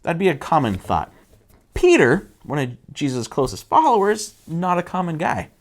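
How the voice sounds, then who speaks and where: A man's voice: fairly high pitch, sing-song, normal speed. A man giving a casual Bible teaching sermon. He asks rhetorical questions and acts out the quotes. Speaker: church teacher.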